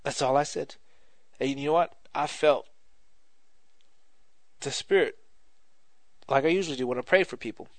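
A man's voice: medium pitch, moderate pace, long pauses, no room sound. A man preacher giving an informal sermon, telling a testimony in a conversational way, repeating phrases for emphasis, then moving into prayer.

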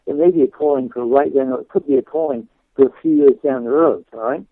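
English guy chatting on a call-in show, raspy-gravelly voice, lots of uh and you know, phone line sound. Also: medium pitch, fast. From England. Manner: chatty, laughing, many fillers and restarts. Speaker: guest minister. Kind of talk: radio interview storytelling. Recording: dry tinny phone line.

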